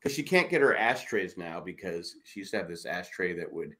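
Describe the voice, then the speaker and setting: A man's voice: deep voice, very animated, a little fast, bright, forceful tone. A man in his sixties chatting casually on a podcast, swearing freely and acting out what people said in a raised voice. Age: 60s. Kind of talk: casual chat.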